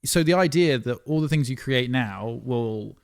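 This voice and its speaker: A man in his thirties co-hosting a podcast in casual, excitable chat. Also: mid-range voice, normal speed, smooth. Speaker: podcast co-host.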